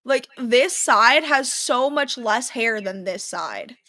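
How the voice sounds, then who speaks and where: A young woman co-hosting a podcast, telling a story in casual chat and acting out her own past yells. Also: on the high side, lively intonation, slow. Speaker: podcast co-host.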